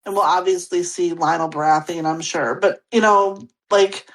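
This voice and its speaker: A woman co-hosts a podcast in a lowish voice with fairly even intonation and moderate pace. She chats casually and rambles with lots of fillers, and the recording quality is low.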